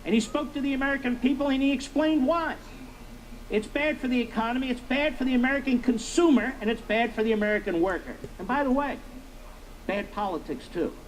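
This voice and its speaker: A man's voice: high-pitched, slight background noise, poor audio. A middle-aged man hosting a political commentary monologue, emphatic and repetitive, firing rhetorical questions at his listeners. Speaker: talk show host.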